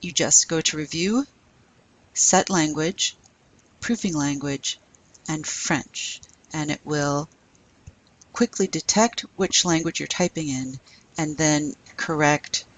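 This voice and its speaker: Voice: medium pitch, takes it slowly, fairly bright tone, poor audio. Methodical language instructor, recorded lecture, walks students through tasks one step at a time.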